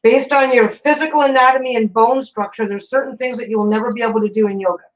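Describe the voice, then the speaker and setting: A woman's voice: a little high, steady tone, fast talker. A woman chiming in during a livestream, teasing and playful in casual chat. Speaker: co-host off camera. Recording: dull lo-fi livestream audio.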